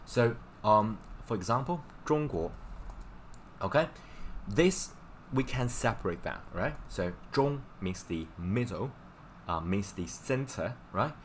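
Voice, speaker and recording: A man's voice: on the low side, lively intonation, slow pace, slight background noise. A man teaching Chinese in a live-stream lesson, explaining casually in English with many fillers and repeating words for practice.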